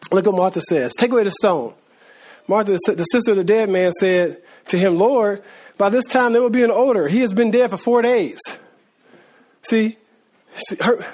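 Man, preacher, high voice, informal slangy Bible teaching, acts out story voices. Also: a little mellow. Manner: informal, slangy, addresses listeners as guys; acts out voices of biblical figures.

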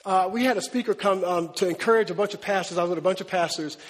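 A man preaching a sermon as a pastor. He talks in a conversational, animated way, often checking in with "right?" and acting out the voices in his stories. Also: high-pitched, quick pace. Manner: animated storytelling with acted-out quotes. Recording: long hall reverb.

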